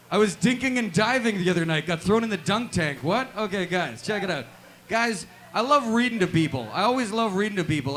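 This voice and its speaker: A man's voice: high voice, a bit bright. A man doing a rambling, awkward stand-up comedy set at a live music venue, padding his jokes with "check it out" and "right?". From Canada.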